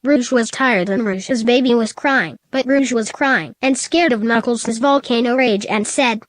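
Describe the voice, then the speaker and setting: A woman's voice: a little high, measured pace, few pauses, dry recording. A synthetic female text-to-speech voice narrating a silly storybook tale.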